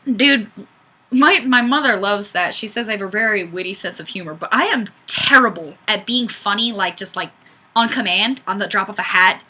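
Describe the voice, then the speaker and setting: A woman's voice: medium pitch, moderate pace, sharp tone, slightly rough. A woman hosting a webcam livestream, reading viewer comments in a chatty, self-deprecating way. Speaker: livestream host. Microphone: webcam mic.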